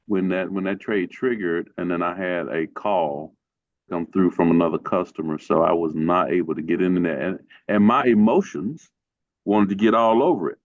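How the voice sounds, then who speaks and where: A man on a casual trading call talks in a measured, reflective way. His voice is very low, and the dry, dull audio sounds lo-fi. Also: no echo. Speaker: trader on a group call.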